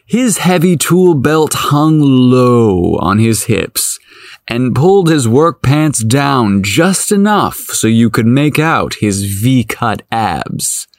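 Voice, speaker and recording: A man narrating a story aloud in a playful, expressive manner. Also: mid-range voice, takes it slowly, no echo. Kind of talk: audiobook narration.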